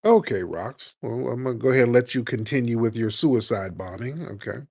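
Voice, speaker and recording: A man's voice: mid-range voice, a little fast, gravelly, very noisy. Brash man hosting a call-in show. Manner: brash, mocking, animated. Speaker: radio show host. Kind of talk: live call-in comedy talk.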